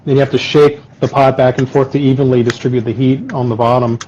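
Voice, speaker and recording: A man's voice: mid-range voice, steady tone, quick pace, a little mellow, a little hiss or hum. A man who makes chocolate, chatting on a live video call and explaining his process in detail with many ums and uhs. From Los Angeles area. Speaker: guest chocolate maker. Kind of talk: casual live-stream conversation. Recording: dull lo-fi live-stream audio.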